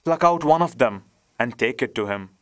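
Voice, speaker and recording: A man voicing a sad, noble statue prince in a storybook, speaking low and sorrowfully. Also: animated, moderate pace, clean tone, dry recording, natural voice.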